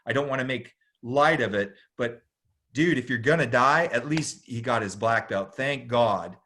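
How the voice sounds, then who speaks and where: A middle-aged man, a podcast guest, telling a long story in a casual, animated way, full of slang and "dude". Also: medium pitch, moderate pace, slight background noise. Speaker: podcast guest, jiu-jitsu instructor.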